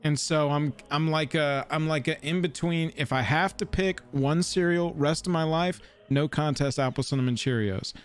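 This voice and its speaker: A man co-hosting a live stream, chatting casually, excitable and slangy with casual swearing. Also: a little high, moderate pace, few pauses. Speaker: co-host of a card game live stream.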